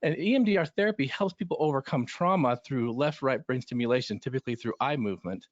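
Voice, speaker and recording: A man's voice: mid-range voice, animated, quick pace, no echo. A middle-aged man who coaches runners in recovery, telling stories in a panel discussion in an earnest, rambling way full of restarts. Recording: slightly dull lo-fi audio.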